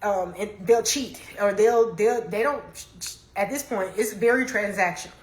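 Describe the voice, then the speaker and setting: A woman's voice: mid-range voice, normal speed. Young woman host chatting candidly into her phone, laughing easily, in an echoey room. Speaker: livestream host. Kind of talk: casual chat, reading comments.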